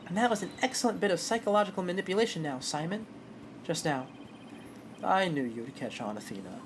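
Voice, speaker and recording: Brief: a woman playing a young female lawyer, brisk and lively, upbeat drive. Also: lowish voice, a little hiss or hum, lightly acted. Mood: explaining. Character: energetic young woman defense attorney.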